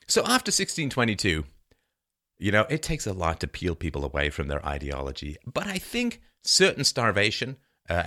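A man's voice: sits low, bright, forceful tone. A man hosting a podcast, giving a sarcastic history monologue and reading old quotes in a dramatic way. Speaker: podcast host.

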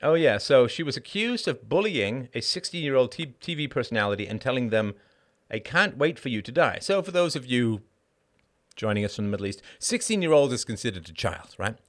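A man's voice: mid-range voice, big pitch swings, a little fast. A man hosting a live call-in show, delivering a heated monologue in an emphatic, blunt and profane way, with sardonic asides and rhetorical questions.

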